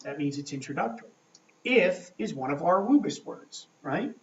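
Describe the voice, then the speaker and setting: A man teaching a grammar lesson at a board, talking slowly and checking in often with "okay?". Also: on the high side, very animated, a little hiss or hum. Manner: slow, checking in with frequent "okay?". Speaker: English teacher. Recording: echoey room, mic far off, dull lo-fi sound.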